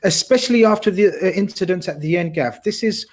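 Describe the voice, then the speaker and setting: A man's voice: high-pitched, a little fast. A man talking football on a casual podcast, talkative and blunt, swearing casually. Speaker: podcast co-host.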